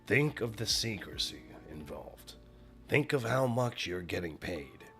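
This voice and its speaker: A man voicing an anxious middle-aged German engineer with a put-on German accent, speaking in a halting, apologetic, stammering way. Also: on the low side, very animated, fairly bright tone, faint music behind, heavily acted. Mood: pleading.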